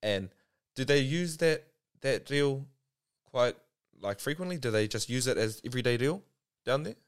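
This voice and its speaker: A man with a New Zealand accent, co-hosting an easygoing chat and quick to laugh. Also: mid-range voice, animated, smooth. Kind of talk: casual chat.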